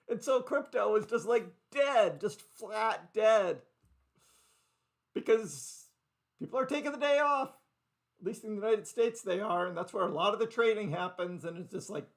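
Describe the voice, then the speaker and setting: A man's voice: high-pitched, lively intonation, a little slow, pauses often. A man hosting a casual live crypto stream into a desk microphone, rambling chattily, laughing often and talking to his chat viewers by name. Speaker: crypto livestream host. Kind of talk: casual live market commentary.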